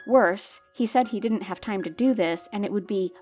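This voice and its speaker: A woman of middle pitch reads a personal story aloud in a wry, exasperated way, as scripted narration. Faint music plays softly underneath her voice. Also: normal speed. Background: faint background music.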